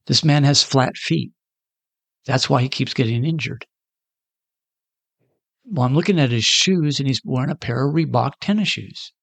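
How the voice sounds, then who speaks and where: A man's voice: mid-range voice, moderate pace, vocal fry, long pauses, fairly bright tone, dry recording. A man preaching, telling a story in a conversational way and acting out the voices of the people in it. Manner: conversational, acts out quoted voices. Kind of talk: sermon storytelling.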